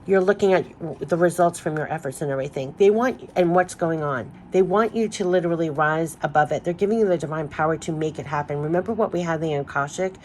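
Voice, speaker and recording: Woman, tarot reader, lowish voice, gushing and emphatic, voice giving out, faint background noise. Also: fast talker, few pauses, a little mellow. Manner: gushing, emphatic, repeats phrases. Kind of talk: spiritual card reading.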